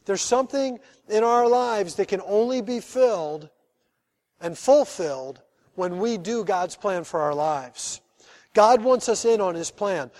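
A man with a high voice preaching a sermon as pastor. He tells stories and acts out their characters, and he is middle-aged. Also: a little mellow. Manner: storytelling, acts out the people in his anecdotes.

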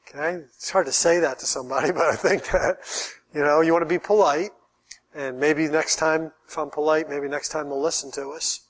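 A man's voice: on the high side, fairly even intonation, fairly quick. A man, a pastor, preaching a sermon in an earnest way, often repeating words as he builds his point.

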